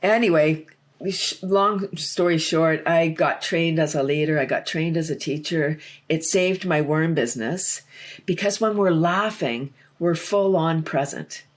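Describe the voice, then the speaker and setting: A woman's voice: low voice, a little slow. A woman guest in a casual interview, talking about laughter yoga with lots of laughs and acted-out quotes. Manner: enthusiastic, laughs often, acts out quotes.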